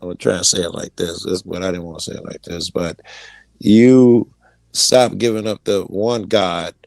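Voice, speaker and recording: A man as a podcast guest, chatting casually in a rambling, halting way with frequent restarts and swearing. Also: low voice, creaky, darkish tone, no echo. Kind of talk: casual chat.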